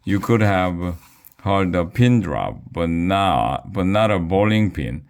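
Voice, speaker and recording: A man reading a children's book aloud with a slow, deliberate delivery. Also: low-pitched, animated, clean tone. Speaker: reader.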